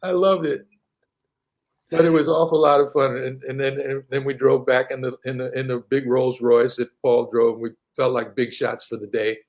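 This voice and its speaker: An older man recounts stories from his career in a relaxed interview. He is animated, laughs easily and repeats his words as he goes, at an ordinary mid-range pitch. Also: moderate pace, lo-fi sound. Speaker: interview guest, singer-songwriter. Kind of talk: casual storytelling.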